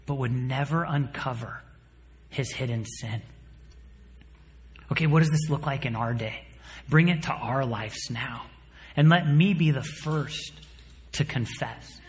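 A man in his thirties preaching a sermon, telling stories with animated energy and dropping to a quiet, earnest tone for his points. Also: medium pitch, long reverb tail. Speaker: pastor.

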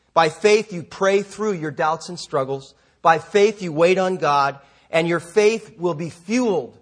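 A middle-aged pastor with a husky, slightly high voice preaches a sermon. He starts out conversational with self-deprecating asides, then moves into vivid story narration.

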